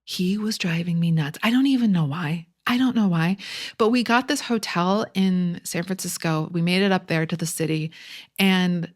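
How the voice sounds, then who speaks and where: A woman's voice: fairly low pitch, normal speed. A woman in her forties from Michigan, a podcast guest telling a story casually and candidly, swearing now and then and laughing at herself.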